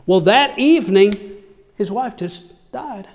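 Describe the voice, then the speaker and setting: High-voiced preacher in a reverberant hall. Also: male voice, lively intonation, slow pace. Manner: reads scripture aloud then explains it, asks the listeners questions. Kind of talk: sermon.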